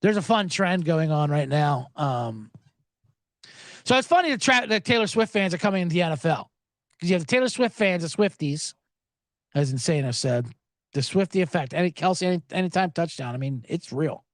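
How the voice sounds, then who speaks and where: A man's voice: on the high side, lively intonation, a little fast, dry recording. Sarcastic, profane sports podcast host, man. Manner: profane, sarcastic, shouting mock voices.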